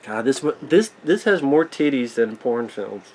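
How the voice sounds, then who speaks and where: A man reacts to a movie in casual, profane commentary, sounding sarcastic and incredulous. His voice sits at a middling pitch, and he swears freely as he reacts. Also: animated, moderate pace, a little mellow, slight background noise, poor audio.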